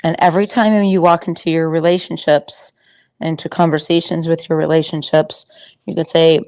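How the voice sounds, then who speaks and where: A woman teaching about confidence while working with a horse. She talks in a loose, rambling way, full of fillers and restarts, with an easygoing, conversational pitch. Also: level tone, moderate pace, darkish tone, smooth. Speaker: horse trainer and confidence coach. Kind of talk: casual teaching talk.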